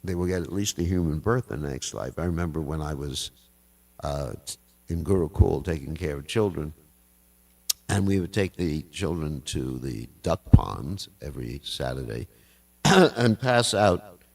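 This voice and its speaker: Older male class speaker, gravelly, folksy storyteller who chuckles, miked from afar in a hall. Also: very deep voice, animated, unhurried, distant mic. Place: temple hall.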